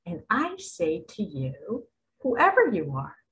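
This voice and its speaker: A woman giving a dramatic preaching monologue to camera. She asks rhetorical questions and swings between hushed asides and loud exclamations. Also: fairly low pitch, wildly swooping pitch, takes it slowly, rough recording. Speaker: self-styled spiritual guide.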